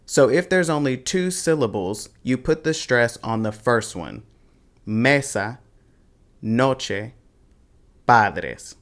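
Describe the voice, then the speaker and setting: In a scripted pronunciation video, a male Spanish teacher talks in a laid-back, slangy way while keeping his delivery slow and deliberate. His voice sits at medium pitch but swings widely up and down.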